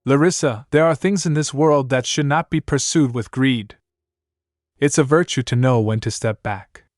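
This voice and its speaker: A man voicing a calm, unflappable young queen who speaks in curt, cutting lines in a comic recap story. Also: medium pitch, moderate pace, no echo, studio quality, close to an everyday voice. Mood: cool.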